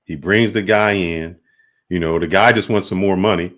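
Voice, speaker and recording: A man's voice: low voice, fairly even intonation, normal speed, fairly bright tone. A man hosting a talk podcast, telling a simple parable in plain casual speech. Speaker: podcast host. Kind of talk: reflective storytelling.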